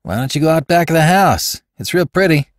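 A man's voice: a little high, lively intonation, fairly quick, no echo, studio quality, voice pushed up, close to an everyday voice. A man voicing a brusque, evasive country woman who answers shortly in rustic speech. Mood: curt.

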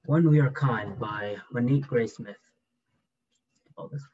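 A young male student reading a short picture book aloud in a steady, plain way. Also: medium pitch, measured pace, pauses often, husky, phone-quality sound. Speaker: student reader.

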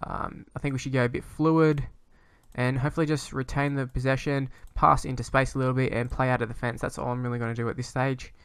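A man's voice: mid-range voice, flat delivery, fast, fairly bright tone, clear, resonant tone, no echo. A young man casually commentating on his own football management game, rambling and hesitant, breaking into sweary frustration. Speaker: gaming YouTuber.

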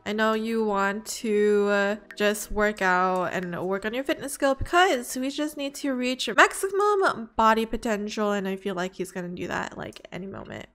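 A woman hosting a let's play, chatting along and gasping at exciting moments. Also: mid-range voice, moderate pace, hardly any pauses, faint music behind. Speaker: gaming channel host. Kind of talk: let's play commentary with face cam.

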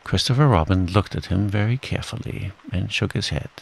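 A man narrating a children's classic as a calm, relaxing bedtime story, with rain falling behind him. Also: lowish voice, fairly quick, creaky, slightly rough, rough recording. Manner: gentle, relaxing. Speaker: audiobook narrator.

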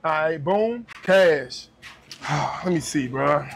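A man's voice: on the high side, expressive, takes it slowly, creaky. A man chatting in a laid-back, slangy way while working a shift on camera. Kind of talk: casual vlog banter.

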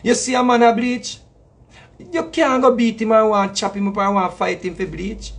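A Jamaican man talks with a husky, breathy edge, his voice sitting high for a man. He preaches in a loose monologue and keeps circling back with repeated phrases to drive his point home. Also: steady tone, moderate pace. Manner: preachy, repetitive, emphatic with slang asides. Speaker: reggae artist. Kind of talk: casual spoken monologue.

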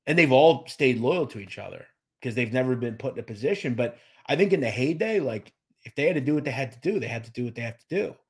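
Husky-voiced male livestream host. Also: medium pitch, expressive, quick pace. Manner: chatty, many fillers and restarts, thanks viewers by name. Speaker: podcast host reading live chat. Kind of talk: casual livestream chat.

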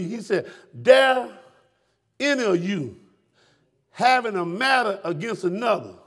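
Pastor, high gravelly voice, fiery shouting sermon style. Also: male voice. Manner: fiery, preaching with shouted questions to the congregation. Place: church sanctuary.

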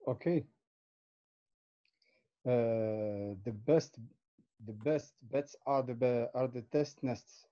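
A man's voice: mid-range voice, slow pace, pauses often, mellow, muffled recording. A man in an online English class, hesitantly repeating practice sentences. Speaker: student.

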